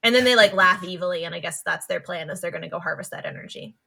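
A woman's voice: lowish voice, quick pace, gravelly, bright, forceful tone. A woman co-hosting a casual podcast chat, animatedly retelling scenes and acting out lines. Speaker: podcast co-host.

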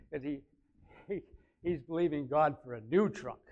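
A man's voice: fairly high pitch, animated, a little slow, lo-fi sound, slight background noise. A man preaching a conversational sermon, repeating phrases and rising to emphatic peaks. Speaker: pastor.

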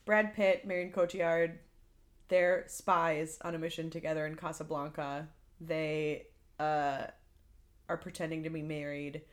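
A woman co-hosting a podcast, chatting casually about movies with lots of fillers and quick retellings. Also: low voice, level tone. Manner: chatty, lots of "like", acts out quotes. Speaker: podcast co-host. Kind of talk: casual chat.

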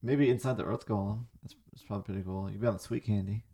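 A man's voice: on the low side, steady tone, fast talker, creaky, warm tone, husky. A tipsy man co-hosting a casual podcast chat, rambling and swearing freely as he talks about games. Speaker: podcast co-host.

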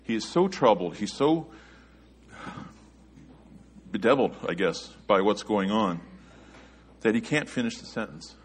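A man preaching a sermon, earnest, his voice rising and getting louder when he quotes scripture. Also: fairly low pitch, lively intonation, unhurried, pauses often, breathy edge.

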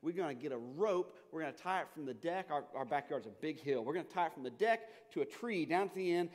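A man preaching a sermon, telling stories and moving between quiet, hushed passages and loud, urgent ones. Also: fairly high pitch, animated, fast talker, hardly any pauses. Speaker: pastor. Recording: long hall reverb.

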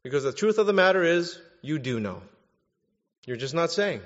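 A male pastor giving a sermon in a conversational, animated style, with casual fillers. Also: on the high side, normal speed. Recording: dull audio with long reverb in a hall.

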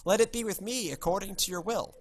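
A man putting on a booming New York angel. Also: a little fast. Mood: proclaiming. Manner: booming, shouting proclamations. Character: male angel Gabriel as a loud homeless New Yorker.

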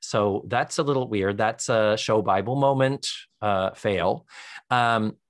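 A man hosting a casual chat about a sitcom, joking and tossing in quick character voices. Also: lowish voice, no room sound, clean studio sound. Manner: chatty, jokey, does quick voices of characters. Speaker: podcast host.

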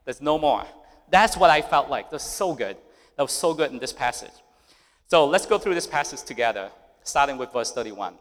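A man's voice: mid-range voice, expressive, normal speed, a bit bright. Guy preaching, reads verses then talks them through casually, echoey hall sound. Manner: conversational preaching, reads scripture then asks listeners questions. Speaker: pastor. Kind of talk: sermon.

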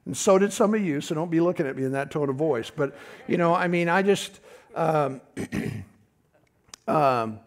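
A man's voice: fairly high pitch, animated, moderate pace. A middle-aged man preaching a folksy, conversational sermon, often calling out to his congregation.

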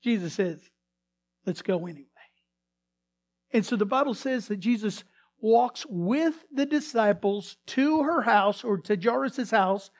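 Preaching a little slowly, a pastor with a high, expressive voice retells a story with drama, shifting from loud emphasis to hushed tones. Frequent restarts and repeated words mark his delivery.

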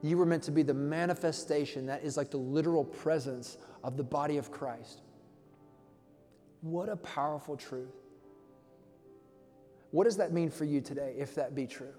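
Young male pastor, slangy, dynamic sermon delivery, slightly high voice, reverberant hall sound. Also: normal speed, long pauses, soft background music. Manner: energetic preaching, swings from soft to loud.

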